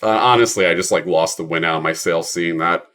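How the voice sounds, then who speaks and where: A man's voice: low voice, fairly quick, fairly bright tone. A male streamer chatting casually while he plays, ranting with plenty of swearing. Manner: profane, ranting.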